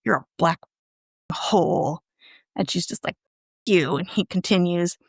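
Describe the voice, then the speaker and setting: Her lowish, slightly rough voice is unhurried, with long pauses, as she animatedly retells an episode's story for a podcast she co-hosts, quoting the characters. It's a casual chat, captured in studio quality with no room sound.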